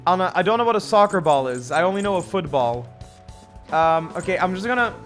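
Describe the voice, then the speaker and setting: A man's voice: high voice, big pitch swings, brisk, a bit bright, faint music behind. A young man streaming a video game, rambling casually, cursing and mocking himself as he plays. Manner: rambling, profane, self-mocking. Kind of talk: casual gameplay commentary.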